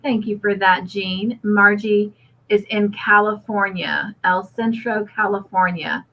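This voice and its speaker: In a steady, mid-range voice and a slow tempo, a woman runs a laid-back livestream, reading her viewers' comments and chatting back. She's friendly, warm, and quick to laugh, and the lo-fi recording comes across a little dull.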